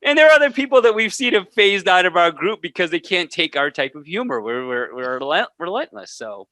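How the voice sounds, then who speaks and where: Give me an animated male podcast co-host with a bright voice, joking around in casual banter. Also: high-pitched, fairly quick, no echo. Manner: animated, laughs often, joking.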